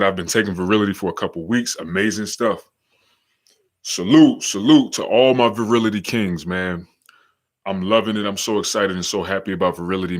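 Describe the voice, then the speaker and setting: A young man with a slight New York accent, hosting a casual live-stream podcast, slangy and hyped, shouting out viewers in the chat. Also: fairly low pitch. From Charlotte, North Carolina. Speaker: podcast host.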